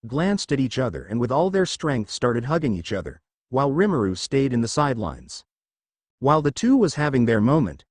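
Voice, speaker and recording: Man reading fan fiction, lively pitch. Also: no room sound. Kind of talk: casual storybook narration.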